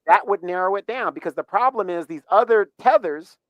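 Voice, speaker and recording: A man's voice: high voice, lively intonation, a little fast, no room sound, highs cut off. A man talks over a dry, close mic in a casual livestream. He rambles through his points and punches up his questions with emphasis. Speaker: livestream host. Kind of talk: casual commentary.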